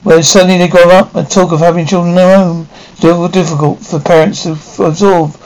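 A middle-aged actor playing a proud, patient but stern inventor father, speaking in measured, formal lines in a 1950s TV drama style. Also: high-pitched, flat delivery, darkish tone, rough recording. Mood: soothing.

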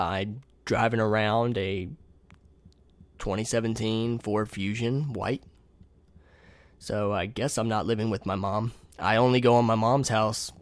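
A man's voice: lowish voice, no room sound. A man in his twenties telling a long story in a blunt, profane, casual way, speaking from a home kitchen. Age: 20s. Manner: blunt, profane, reads messages aloud. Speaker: podcast host.

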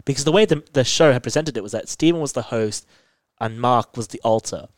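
Animated man recapping a show. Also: mid-range voice, a little fast, dry recording. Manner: animated, detailed retelling. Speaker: podcast co-host. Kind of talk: casual chat recapping a TV episode.

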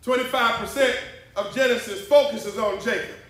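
A man preaching a sermon as pastor, with rhythmic call-and-response phrasing that rises to shouts, in a church sanctuary. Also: very high-pitched, normal speed. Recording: echoey church hall, mic at a distance. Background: congregation responding.

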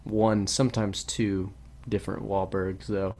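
A man co-hosting a podcast in casual chat, rambling and animated with many restarts. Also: low-pitched, unhurried. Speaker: podcast co-host.

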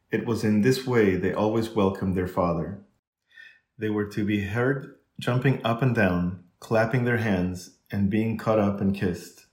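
A man's voice: lowish voice, a little mellow. A man narrating a children's novel as an audiobook, reading steadily and barely changing his voice for the characters. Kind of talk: scripted narration. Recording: echoey room.

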